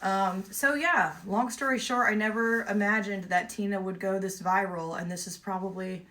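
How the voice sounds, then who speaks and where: Bright-voiced woman telling a story. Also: medium pitch, normal speed. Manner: lively, vivid retelling with quoted exchanges. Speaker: emu owner telling a story. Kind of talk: casual storytelling.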